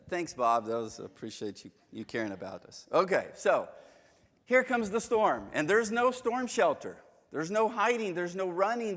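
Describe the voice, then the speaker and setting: A man's voice: fairly high pitch, fairly bright tone, long reverb tail. Joking male Bible class teacher. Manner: chatty, joking, storytelling. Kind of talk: casual church lesson with anecdotes. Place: church hall.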